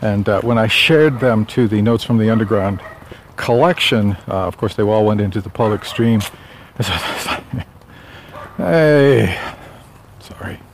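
A man's voice: lowish voice, fairly even intonation, normal speed, a little hiss or hum. A man talking casually while out walking, chatty and rambling, a bit out of breath. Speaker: author vlogging on a walk. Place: outdoors on a sunny suburban street.

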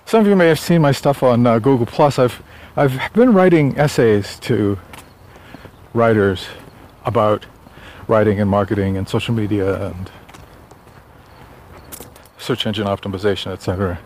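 A man's voice: lowish voice, moderate pace, a little mellow. A man talking casually while out walking, chatty and rambling, a bit out of breath. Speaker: author vlogging on a walk. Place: outdoors on a sunny suburban street.

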